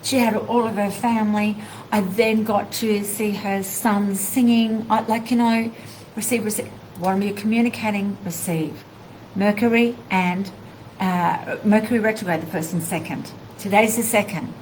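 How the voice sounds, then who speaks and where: A woman, a spiritual teacher, telling a personal story in a live video, animated and heartfelt, acting out bits of dialogue. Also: mid-range voice, normal speed, slight background noise, poor audio.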